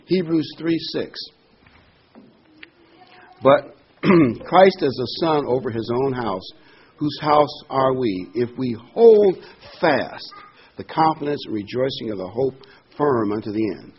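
An older man preaching a sermon, reading Bible verses slowly and with emphasis between plain explanations. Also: medium pitch, expressive. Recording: dull lo-fi with faint noise.

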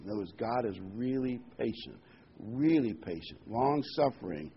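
A man's voice: mid-range voice, animated, normal speed, slightly rough, dull audio. A man giving a sermon, earnest and emphatic, repeating key words and reading scripture aloud. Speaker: preacher.

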